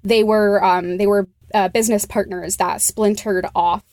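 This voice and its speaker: A woman's voice: mid-range voice, fairly even intonation, a little slow, darkish tone, no room sound, studio quality. A woman from Arizona co-hosting a casual podcast chat, rambling with many fillers and restarts. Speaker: podcast co-host.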